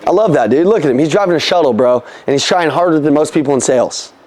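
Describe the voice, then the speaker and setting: A young man with a high, bright-sitting voice runs a motivational sales training session. He talks casually and with energy, swearing freely and firing questions at the people in the room. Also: animated, fast.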